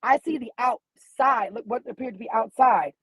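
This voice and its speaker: A middle-aged woman calls in from her car and tells her story with great feeling. She acts out every line of dialogue as she goes, and her voice sits a bit higher than most women's. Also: normal speed, slightly rough, no echo, low-quality recording. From American Midwest. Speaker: guest caller, mother. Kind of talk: emotional personal account by phone from her car.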